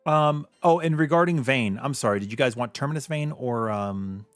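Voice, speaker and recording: A man's voice: medium pitch, normal speed, clear, resonant tone, dry recording, faint music behind. A man streaming a video game, chatting casually with his viewers and sharing blunt opinions. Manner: chatty and opinionated, reacting to chat. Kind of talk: casual live-stream chat.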